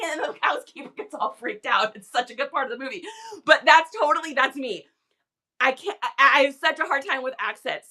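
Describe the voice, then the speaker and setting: A woman chats through a casual live selling stream in a high, bright voice. She talks loosely, laughs often and leans on "like" as a filler. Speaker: livestream seller host. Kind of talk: casual livestream chat.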